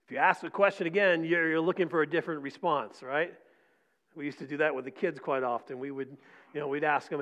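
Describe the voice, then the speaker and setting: A middle-aged pastor with a mid-range voice preaches briskly in a conversational style, often asking "right?" and repeating words. For emphasis he drops to soft near-whispers, all captured on a dull lo-fi recording.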